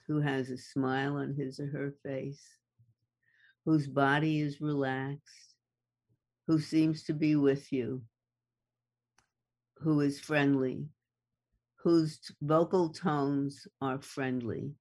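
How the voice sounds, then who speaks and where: A guest expert in a conversation, explaining things deliberately and repeating key words for emphasis. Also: mid-range voice, little pitch movement, darkish tone.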